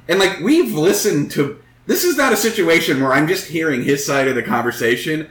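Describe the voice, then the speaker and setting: A man's voice: a little high, animated, brisk, few pauses, a bit bright. Rambling storyteller man, echoey room. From Northeast Ohio. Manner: rambling storyteller, profane, acts out quotes. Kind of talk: casual chat.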